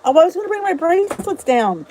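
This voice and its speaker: A woman's voice: very high-pitched, big pitch swings, fast, noisy background. A middle-aged American woman hosting a casual livestream from home, chatty and bubbly, greeting viewers and reading their comments. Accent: US English. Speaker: YouTube livestream host. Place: indoors at home. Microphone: phone or camera on a stand.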